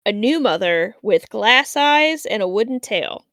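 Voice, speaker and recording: A woman's voice: mid-range voice, lively intonation, a little slow, fairly bright tone, no room sound, studio quality. A woman doing a pleading, distraught mother.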